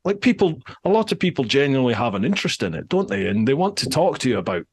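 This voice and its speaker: A man's voice: medium pitch, big pitch swings, quick pace, slightly rough. A man hosting a podcast, chatting casually and venting in a frank, self-deprecating way. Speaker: podcast host. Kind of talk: casual chat.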